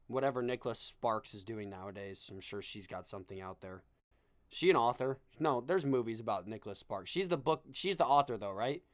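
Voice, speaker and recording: A young man hosts his podcast in a comedic monologue, sarcastic and full of self-mocking asides. His voice sits in a middle pitch. The sound is dry and close, with no room echo. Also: a little fast. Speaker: podcast host.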